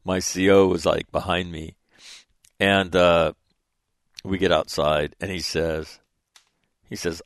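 A man's voice: low voice, steady tone, unhurried, long pauses, no echo. A man in his sixties, a former Marine officer, telling a war story in a rambling, profane way with frequent "right?" asides. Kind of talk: casual storytelling.

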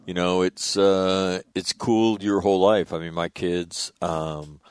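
A man in his fifties with a fairly low voice tells stories in a relaxed chat. He gets animated, chuckles mid-sentence and leaps up in pitch at the punchlines. The sound is close and dry. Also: unhurried, clear, resonant tone, no room sound. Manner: animated storyteller, voice jumps high in punchlines. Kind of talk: casual storytelling chat.

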